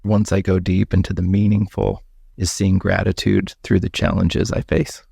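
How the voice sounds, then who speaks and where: A man hosting a podcast, asking reflective questions in an unhurried, casual way. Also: sits low, little pitch movement, creaky, mellow, husky, no echo, studio quality. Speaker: podcast host. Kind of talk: casual interview chat.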